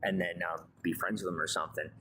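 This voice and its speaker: A man's voice: low voice, fairly even intonation, quick pace, noisy background. A man giving a grandiose, meandering monologue about his life and advice. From raised on a farm. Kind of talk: rambling monologue.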